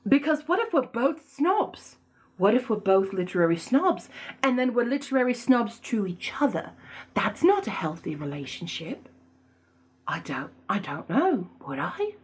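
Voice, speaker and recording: A woman book vlogger chatting casually in a put-on snobbish accent, playful and self-mocking, her pitch swooping up and down. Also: big pitch swings, measured pace, husky. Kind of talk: casual chat.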